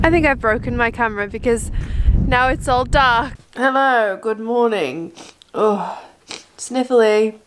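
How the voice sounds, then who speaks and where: A woman chatting casually and playfully to her camera as a dog-owning vlogger, swearing often. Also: a little high. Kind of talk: casual vlog chat. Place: in a car and outdoors in snow. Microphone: handheld camera.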